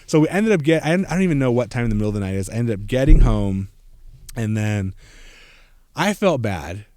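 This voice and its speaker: A man in his thirties recounts a travel mishap in a relaxed podcast conversation. His voice rises and falls a lot, and he keeps slipping into quick impressions of other people. The sound is close and dry. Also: mid-range voice, no echo. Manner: rambling, many fillers, acts out quoted voices. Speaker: podcast co-host. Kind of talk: casual storytelling chat.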